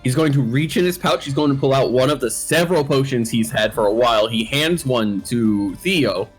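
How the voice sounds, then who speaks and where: A man takes part in a tabletop role-playing session as a player. He describes his character's moves in a dry, unhurried way, speaking of him in the third person. His pitch sits at a middle level for a man, with faint music behind him. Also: husky. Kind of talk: casual tabletop play.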